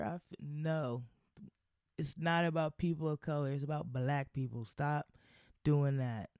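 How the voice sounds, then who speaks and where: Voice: medium pitch, mellow, no echo, clean studio sound. A podcast host ranting in a blunt, sarcastic, profane way, rambling with lots of fillers and restarts. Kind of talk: casual solo podcast rant.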